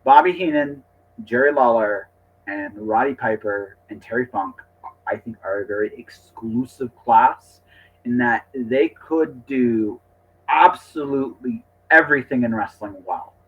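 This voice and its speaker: A man's voice: medium pitch, unhurried, slightly rough. A man in casual conversation, talking animatedly and repeating words as he jumps in with his opinions. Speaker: podcast co-host or guest. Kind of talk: casual chat. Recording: dull lo-fi audio.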